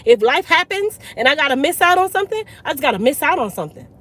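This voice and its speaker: A woman with a Jamaican accent, a hair care business owner telling a storytime, blunt and animated, slipping into patois. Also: high-pitched, fast. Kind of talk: storytime vlog.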